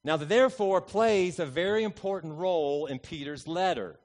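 Animated middle-aged male preacher. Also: fairly high pitch, moderate pace. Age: 40s. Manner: animated storyteller, punchy emphasis. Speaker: pastor. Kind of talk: sermon with a humorous personal story.

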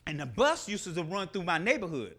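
A middle-aged man preaching a sermon, animated and repeating his key phrases. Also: sits high, a little fast, slightly rough. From Nashville, Tennessee.

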